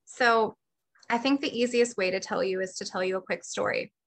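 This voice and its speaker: A woman's voice: medium pitch, moderate pace. A woman guest on a podcast telling a personal story openly. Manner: open, storytelling.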